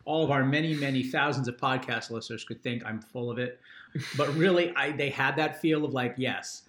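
Older dad as a podcast regular, rambling casual chat, mid pitch, roomy echo. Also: male voice, a little fast, a bit bright, a little hiss or hum. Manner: rambling, musing, often restarting sentences. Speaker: father and regular panelist on a music podcast. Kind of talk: casual chat, album review.

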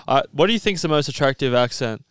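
A man co-hosting a podcast, chatting in relaxed, rambling banter. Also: mid-range voice, fast, smooth, dry recording, studio quality. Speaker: podcast co-host. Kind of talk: casual chat.

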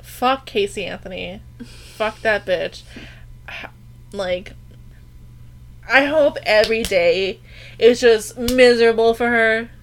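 A woman's voice: on the high side, slow pace, pauses often, slight background noise. A woman co-hosting a podcast in casual chat, talking bluntly and emphatically with plenty of swearing. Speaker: podcast co-host.

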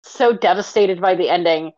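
A woman's voice: lowish voice, normal speed, a little mellow, no room sound, lo-fi sound. A woman co-hosting a podcast in casual chat, talking freely and leaning on "like" as she thinks aloud. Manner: chatty, leans on "like" as a filler. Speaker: podcast co-host.

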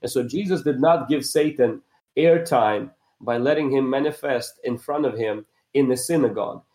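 A man's voice: medium pitch, moderate pace, a little mellow, roomy sound. A male pastor speaking as a guest, building emphatic points in an earnest preaching style.

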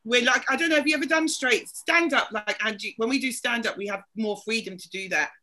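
A British woman with a bright, crisp tone, talking on a podcast. She speaks in halting starts and searches for her words. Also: a little high. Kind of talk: podcast conversation.

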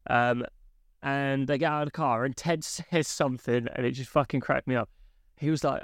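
A man's voice: mid-range voice, fairly even intonation, moderate pace, no room sound, clean studio sound. A man in his thirties co-hosting a casual podcast chat, swearing freely and laughing as he retells scenes. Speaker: podcast co-host.

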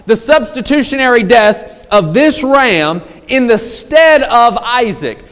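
A man preaching a sermon as a pastor, swinging between loud, stressed lines and low, slowed, drawn-out phrases. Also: lively intonation, in a large hall.

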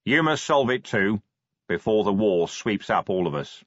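Man doing a quiet, patient troll. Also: lowish voice, lively intonation, no echo, lo-fi sound. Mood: calm, measured. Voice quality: quiet school-teacher tone. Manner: measured, patient, lightly teasing. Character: quiet, clever male troll, calm and patient.

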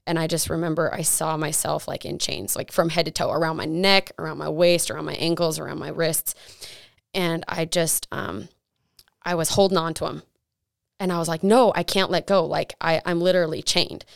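A woman's voice: low-pitched, fairly even intonation, moderate pace, vocal fry, dry recording, studio quality. A young woman co-hosting a faith podcast, sharing an earnest testimony with lots of likes and restarts. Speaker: podcast co-host.

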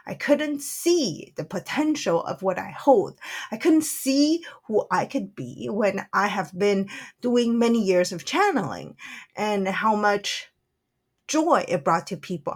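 Slow-speaking earnest woman storyteller. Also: mid-range voice. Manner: soft and earnest, with frequent "like" fillers. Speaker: spiritual channeler and author. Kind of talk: personal reflective storytelling.

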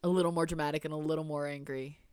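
Woman podcast cohost, lower bright voice, wry chatty banter, dry close mic. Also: flat delivery, rapid-fire, smooth, dry recording. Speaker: podcast co-host. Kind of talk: casual chat.

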